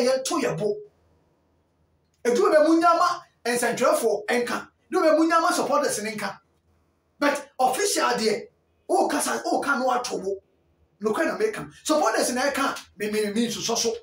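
A man with a Ghanaian accent giving emphatic, opinionated football commentary, his voice rising into bursts of near-shouting. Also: very high-pitched. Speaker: sports commentator. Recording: roomy echo, distant mic.

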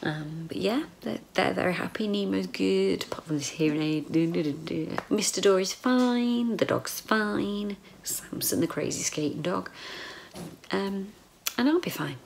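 A woman's voice: medium pitch, a little slow, vocal fry. A middle-aged woman, talking in a rambling, emotional video diary and often dropping into a whisper. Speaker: vlogger. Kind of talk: casual personal video diary.

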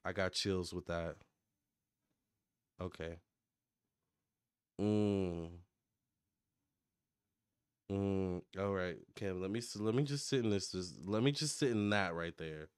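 A fairly low-pitched man talks through a tarot and psychic reading in a casual, excitable monologue. His voice is smooth and resonant, and the sound is dry and close, with no room echo. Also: takes it slowly, long pauses. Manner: chatty, excitable, relays messages in a lively running commentary. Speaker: tarot reader and medium.

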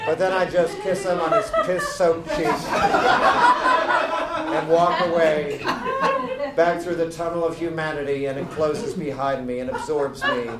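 Brief: an impassioned male reader, voice a touch high, heard from a distance in an echoey hall. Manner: impassioned, building to rants. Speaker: reader at a live book reading. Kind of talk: dramatic reading of a comic essay. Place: stage before a live audience. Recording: echoey room, mic from far off, audience noise.

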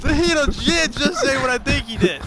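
A young man streaming a game with a friend, excitable, swearing and laughing in casual banter. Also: very high voice, moderate pace. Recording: game noise under voice chat.

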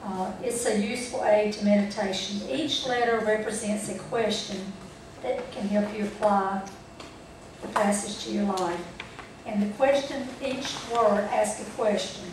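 A woman's mid-range voice moves at a measured pace as she teaches a Bible study group. Her church training talk is folksy, and she regularly asks the group questions to check in. It's recorded from far off in an echoey room against a noisy background.

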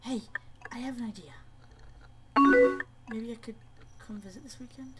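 A woman's voice: a little high, normal speed. A woman reading a game's chat messages aloud and reacting live, swearing and laughing between lines. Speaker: let's play gamer. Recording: loud game music behind, mic at a distance.

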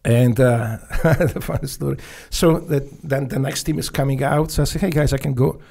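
A middle-aged man from Poland with a Polish accent, a podcast guest telling stories casually, animated and swearing freely. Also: medium pitch, normal speed, creaky. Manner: animated, swears freely, acts out dialogue, laughs often. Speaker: podcast guest, former Navy SEAL. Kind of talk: storytelling in a casual interview.

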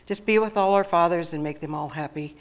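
A woman with a low voice preaches to a small church congregation. She speaks in a halting, homespun way and sounds a little nervous, often restarting her phrases. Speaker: lay preacher. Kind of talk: church sermon.

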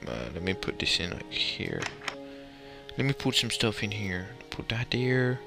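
A man's voice: fairly low pitch, very animated, unhurried, gravelly, music in the background. A young man giving casual, rambling commentary while playing a building game, muttering to himself and swearing mildly. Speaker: gamer commentator.

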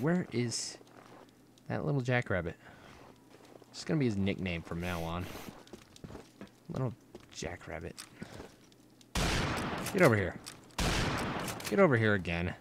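A man's voice: on the low side, big pitch swings, unhurried, creaky, pauses often, background noise. A man hosting a let's play, giving jokey, self-mocking running commentary while he plays. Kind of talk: gameplay commentary.

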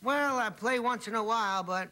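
A man's voice: sits high, normal speed, bright, forceful tone. A man from Brooklyn, a comedian guest telling rambling anecdotes on a talk show. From Brooklyn, New York. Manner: rambling storyteller, acts out voices.

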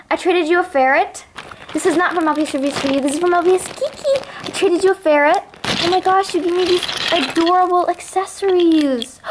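A young woman vlogging an unboxing of toys she got in trades, gushing and excitable, often gasping with delight. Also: high-pitched, background noise. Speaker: toy collector vlogger. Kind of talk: unboxing vlog.

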